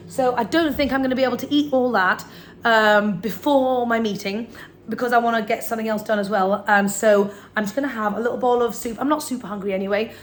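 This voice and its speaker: A woman's voice: on the high side, noisy background. A woman, chatting enthusiastically in a casual food vlog from her home kitchen, sometimes talking while she eats. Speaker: vlogger.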